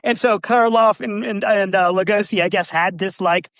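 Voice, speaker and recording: A man co-hosting a casual movie podcast. He laughs often and acts out quoted lines in animated voices. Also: high voice, moderate pace, no room sound. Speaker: podcast co-host.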